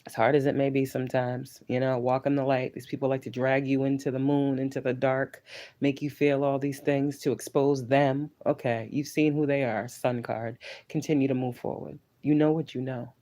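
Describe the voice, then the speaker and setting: Man, tarot reader, mellow mid-pitched voice, casual and profane, chants lists. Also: level tone, normal speed. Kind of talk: casual spiritual pep talk.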